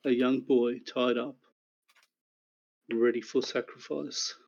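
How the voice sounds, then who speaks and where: Slow, flat-voiced male game master. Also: medium pitch, dull audio. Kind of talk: recapping a tabletop game session.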